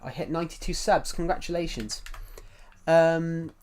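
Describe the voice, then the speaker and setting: A young man with a southern English accent and a slightly higher voice rambles casually through a game live stream. He reads viewer comments aloud, restarts his sentences and repeats phrases as he goes. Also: moderate pace, a little mellow, a little hiss or hum. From southern England.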